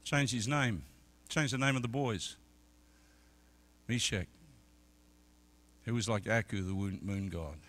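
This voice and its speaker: Speaking slowly, with a voice on the low side and frequent pauses, a middle-aged evangelist delivers a sermon at church. His storytelling shifts from hushed passages to loud, shouted peaks.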